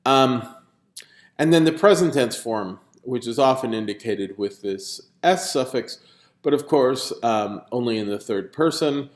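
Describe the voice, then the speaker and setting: A man's voice: mid-range voice, lively intonation, measured pace. A man with a mid-range voice lectures on video, explaining patiently and leaning on key terms. Fillers and restarts break up his sentences, and the room around him rings with a noticeable echo. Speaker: linguistics lecturer.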